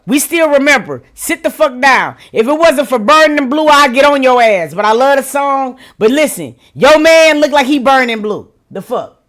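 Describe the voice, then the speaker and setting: A woman reacting to clips as a streamer, loud and exclaiming with frequent laughs, speaking. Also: high-pitched, animated, moderate pace, hardly any pauses. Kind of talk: casual reaction commentary.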